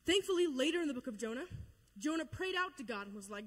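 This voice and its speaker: Quick-paced and animated, a woman with a high-pitched voice leads a casual Bible lesson for youth, her words carrying a big-room sound. She's chatty and joking, acting out quotes in funny voices.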